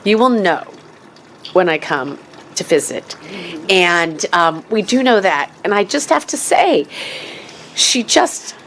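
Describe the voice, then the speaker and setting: A middle-aged woman speaks at a memorial, her eulogy rambling and heartfelt as she laughs through tears. Her voice sits at a middling pitch. Faint background noise hangs under the recording. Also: animated, takes it slowly, long pauses, fairly bright tone. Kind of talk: personal eulogy. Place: memorial gathering.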